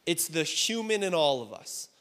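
Male youth pastor, high voice, relaxed conversational sermon, recorded in a reverberant auditorium. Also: normal speed. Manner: casual, conversational preaching with direct questions to listeners.

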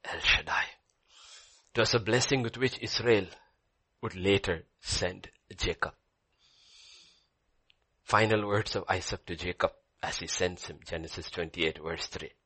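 A man preaching a sermon to a congregation in church, swinging from low murmurs to high excited cries. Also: measured pace, long pauses, breathy edge.

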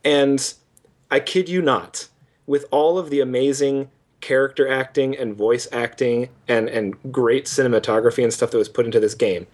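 Young male podcast co-host, animated game critic, mocks lines in silly voices. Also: medium pitch, normal speed. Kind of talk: casual game review chat.

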